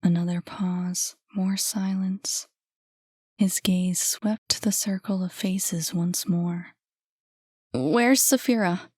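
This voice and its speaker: A woman narrating an audiobook in a soft, hushed voice. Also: on the low side, little pitch movement, slow pace, husky, no room sound, studio quality. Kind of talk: scripted narration.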